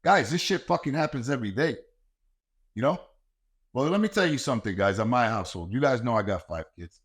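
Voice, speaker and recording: A man's voice: medium pitch, expressive, fairly quick, husky. Blunt, profane man ranting. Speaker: podcast host and martial arts coach. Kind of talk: ranting monologue.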